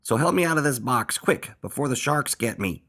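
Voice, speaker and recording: A man's voice: mid-range voice, expressive, moderate pace, bright, forceful tone, voice pushed up. A man voicing a playful male hedgehog who pretends to be a pirate captain, talking in a bold, theatrical way. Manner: bold, theatrical, bellowing orders.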